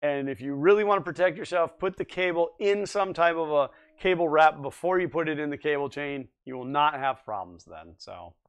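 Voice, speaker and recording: A man's voice: a little high, a little fast, hardly any pauses, clean tone. A man in his forties hosting a casual live stream, rambling and chatting as he answers viewers' comments. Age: 40s. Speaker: livestream host.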